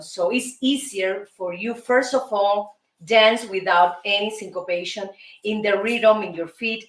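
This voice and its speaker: A middle-aged woman from Cuba with a Cuban Spanish accent, teaching a salsa dance lesson and counting the beats aloud in a lively, encouraging way. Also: medium pitch. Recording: roomy sound from a distance, music behind.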